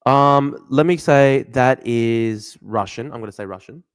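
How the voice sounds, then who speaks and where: A man hosting a casual livestream talks himself through a guessing game, muttering asides, swearing often and erupting in exasperated outbursts. His voice is medium-pitched, smooth and unhurried.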